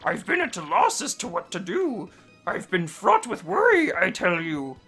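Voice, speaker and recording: Man putting on a fussy old british toad steward, bright tone, swooping pitch, slow drawl, hums. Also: wildly swooping pitch, slightly rough, faint music behind, exaggerated voice. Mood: worried. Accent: British, put on. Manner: slow, drawn-out, humming between lines. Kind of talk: casual game voice-over.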